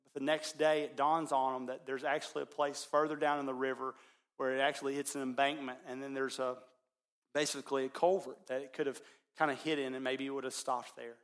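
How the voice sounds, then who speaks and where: A man preaching as a pastor, telling a story in his sermon and swinging between loud, excited passages and hushed ones. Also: mid-range voice, a little fast.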